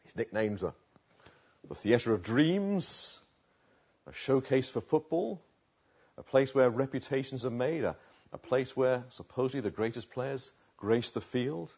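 A man preaching a sermon, swinging between hushed asides and emphatic, rising declarations. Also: medium pitch, animated, measured pace, breathy edge. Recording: dull lo-fi recording.

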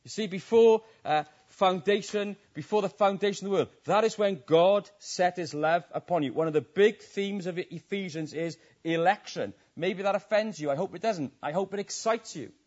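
A man's voice: normal speed, few pauses, darkish tone, dull audio. A man preaching a passionate sermon, his voice swelling and dropping. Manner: impassioned, rising and falling in pitch and volume.

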